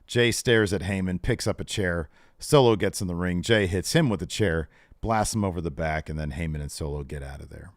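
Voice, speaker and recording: Male co-host, slightly low voice, easygoing wrestling recap full of "uh"s, dry close mic. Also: a little fast, hardly any pauses, dry recording. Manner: relaxed recapping with filler "uh"s, quotes wrestlers in a raised voice. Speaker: podcast co-host.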